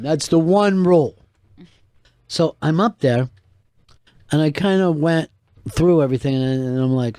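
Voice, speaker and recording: A man's voice: fairly high pitch, mellow, no room sound, clean studio sound. A man hosting a radio talk show, telling wry, rambling stories in a casual way. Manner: storytelling, wry, drawn-out anecdotes. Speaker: radio host and stand-up comedian.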